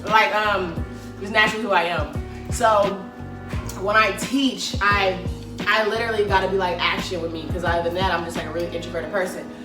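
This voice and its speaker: A woman teacher chatting casually and telling stories in an animated, dramatic way. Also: medium pitch, a little fast. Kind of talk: casual chat. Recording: roomy, distant mic, music behind.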